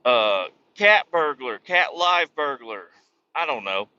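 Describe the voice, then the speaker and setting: A man with a very bright, sharp-edged voice rambles through a profane, self-mocking tale as a podcast host. The sound is dull and lo-fi. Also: medium pitch, sing-song, slow, clean tone, no room sound. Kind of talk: comedic storytelling monologue.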